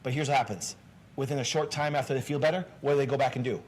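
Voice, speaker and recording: A man's voice: mid-range voice, very fast, a little hiss or hum. A man hosting a casual health talk show as a doctor, talking emphatically, with restarts and rhetorical questions.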